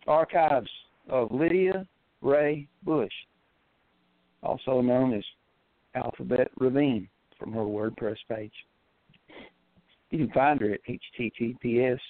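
A man calling in to a radio show, animated and playful in his chatter, over a tinny phone line. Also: mid-range voice, dry recording. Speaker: caller. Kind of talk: casual call-in chat.

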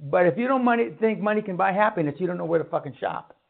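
A man lectures a seminar crowd in a blunt, profane rant, hammering his points home. His voice sits very high for a man. The sound is thin and narrow, like a phone line. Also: lively intonation, quick pace, creaky. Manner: blunt, swearing, ranting. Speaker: seminar speaker.

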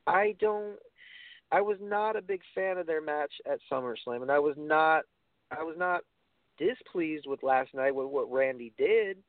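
A man's voice: a little high, unhurried, no echo. A man co-hosting a casual wrestling talk show, giving blunt opinions with swearing and frequent restarts. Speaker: wrestling podcast co-host. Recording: phone-like, dry.

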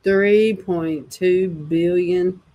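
A woman's voice: lowish voice, fairly even intonation, drawn-out words, highs cut off. A woman hosting an online news commentary show, talking casually to her camera with chuckling, mocking asides. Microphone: speaking to a video camera.

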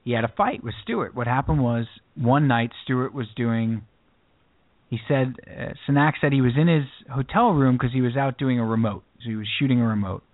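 A podcast co-host with a medium-pitched voice talks fairly quickly, with no echo, on a dry, phone-like lo-fi recording. Chatting casually, he tells a story as a rambling storyteller, restarting often.

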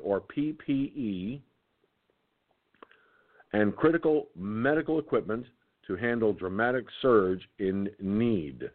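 Tired man reading on a tinny line. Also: mid-range voice. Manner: reads haltingly, stumbles and restarts words. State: tired, keeps yawning. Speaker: internet radio host. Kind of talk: reading a document aloud with commentary.

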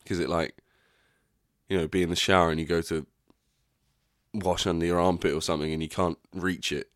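Deep-voiced man, candid podcast monologue. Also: steady tone, brisk, no room sound, studio quality. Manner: candid, rambling, swears freely. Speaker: podcast host. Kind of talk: casual reflective monologue.

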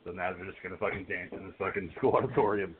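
A man co-hosting a podcast, casually picking apart a film in a profane, animated way and acting out scenes. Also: low voice, fast. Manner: animated, profane, acts out characters. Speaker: podcast co-host. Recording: phone-like narrow audio.

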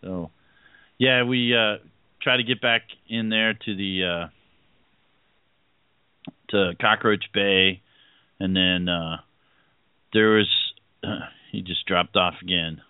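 A man's voice: low-pitched, slow, long pauses, smooth, dry recording. A man hosting a casual radio chat, easygoing and rambling, with many fillers and chuckles. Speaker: host. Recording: tinny phone-like line.

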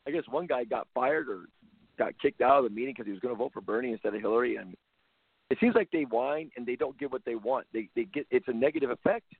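A man's voice: medium pitch, lively intonation, fast talker, creaky, husky, no room sound. Guy ranting on his talk show, blunt and sarcastic, dry close sound, tinny like a phone call. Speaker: basketball coach and show host. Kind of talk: opinionated talk-radio rant.

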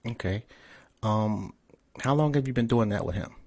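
A man's voice: fairly low pitch, normal speed, darkish tone. Profane chatty man hosting a podcast. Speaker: podcast host. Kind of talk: casual interview chat.

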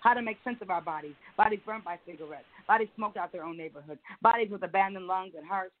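A woman's voice: mid-range voice, fast. A middle-aged woman poet performing spoken word in a rhythmic, chant-like cadence, then chatting as a guest. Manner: rhythmic, repetitive chant-like delivery. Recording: tinny phone-like line.

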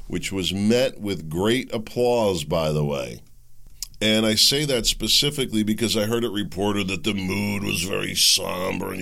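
A man's voice: low-pitched, vocal fry, fairly bright tone. A man hosting a political commentary podcast, talking casually and sarcastically, mocking the voices of his opponents. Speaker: podcast host.

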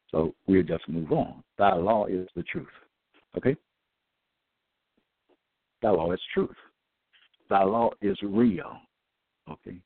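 A man giving a halting religious teaching, full of fillers and restarts, who slows down and stresses each word when he quotes scripture. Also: low voice, creaky, husky, dry recording. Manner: emphatic, drawn-out scripture quoting. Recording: tinny phone-line audio, dry.

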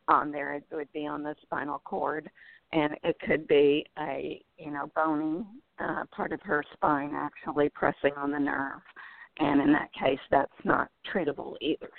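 A woman's voice: low voice, vocal fry, dry recording. A woman calling a radio show, emotional and earnest, explaining things in detail. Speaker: caller. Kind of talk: phone call to a radio show. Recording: dry tinny phone line.

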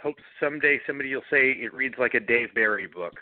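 A middle-aged guest author answers interview questions with lively storytelling, acting out the voices of the people he quotes. His voice is mid-range and he talks fast, heard over a dry, tinny phone line.

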